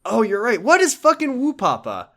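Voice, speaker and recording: A man hosting a podcast, casually recapping a video game in an animated, rambling way, swearing and laughing as he goes. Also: very high-pitched, moderate pace, gravelly, slight background noise. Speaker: podcast host.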